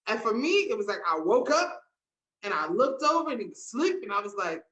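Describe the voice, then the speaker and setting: A woman's voice: medium pitch, animated, brisk, fairly bright tone, low-quality recording. A woman co-hosting a casual podcast chat, telling personal stories with emphasis and acting out what people said. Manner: emphatic storytelling, acting out quotes. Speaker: podcast co-host.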